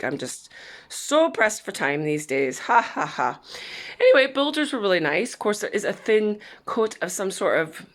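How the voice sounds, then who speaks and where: Chatty, rambling woman vlogger. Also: on the low side. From Saint Louis, USA. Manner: rambling, chatty, laughs often. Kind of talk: casual chat.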